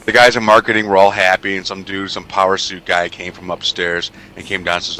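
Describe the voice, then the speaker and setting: A man's voice: low voice, little pitch movement, fairly quick, few pauses, sharp tone. A man co-hosting a casual radio talk show, joking crudely and swearing often.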